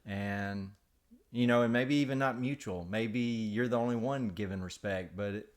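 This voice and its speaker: A man's voice: on the low side, moderate pace. Joking man co-hosting. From Alabama, US. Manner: joking, self-deprecating, hesitant with fillers. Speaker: podcast co-host. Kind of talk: casual chat.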